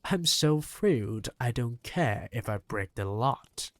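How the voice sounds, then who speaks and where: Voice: medium pitch, lively intonation, takes it slowly, no room sound. A reader voicing a spirited, bossy old grandmother in an audiobook, talking impatiently and rousingly. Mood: thrilled. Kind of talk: audiobook reading.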